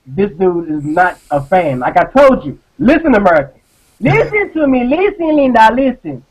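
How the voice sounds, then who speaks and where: A man co-hosting an online live show, ranting in a casual, profane, animated way and often repeating words as he talks. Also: high voice, poor audio. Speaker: podcast co-host.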